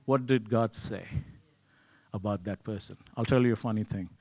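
A man's voice: lowish voice, normal speed, darkish tone. A man preaching a sermon in a conversational way, often asking "you see" and acting out his own thoughts. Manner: acts out his own inner voice in quotes.

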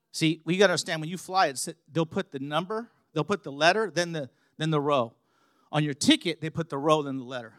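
A man with a high voice preaches a sermon in a dry, close recording. He tells stories from his own life, then builds to loud, emphatic passages. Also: dry recording.

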